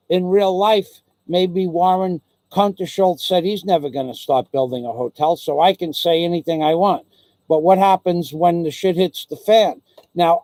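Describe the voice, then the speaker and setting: A man's voice: high-pitched, warm tone, dry recording. A man hosting a livestream, ranting angrily and with heavy profanity, often repeating his phrases. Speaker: livestream host. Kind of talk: angry livestream rant.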